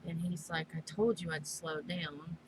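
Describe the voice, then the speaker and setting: A middle-aged mother chatting casually while crafting, slow and halting, speaking with emotion. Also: on the low side, flat delivery, background noise. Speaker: crafting vlogger.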